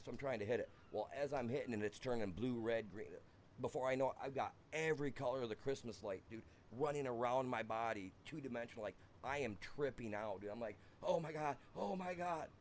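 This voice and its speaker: A man's voice: lowish voice, slight background noise. A young American man streaming a farming game, rambling through a wild personal story and saying "dude" constantly.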